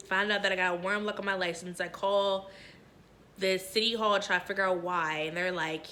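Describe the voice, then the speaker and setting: A woman's voice: fairly low pitch, fairly even intonation, a little fast, sharp tone, a little hiss or hum. A young woman vlogger telling a story casually while eating, candid and profane, full of filler phrases.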